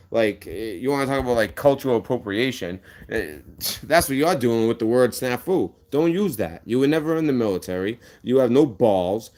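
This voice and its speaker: A man hosting a livestream, ranting in a heated, profane and threatening way, repeating himself. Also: mid-range voice. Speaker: livestream host. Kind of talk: angry livestream rant.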